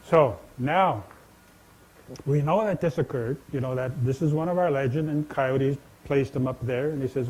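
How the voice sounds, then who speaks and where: A man tells old legends to an audience from a stage in a large indoor venue. His talk is folksy and chatty, with questions thrown to the crowd. The voice sits a touch high but sounds dark and mellow. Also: normal speed, slight background noise, rough recording. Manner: folksy, conversational, addresses listeners directly. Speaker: storyteller and speaker. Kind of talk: telling traditional legends to an audience.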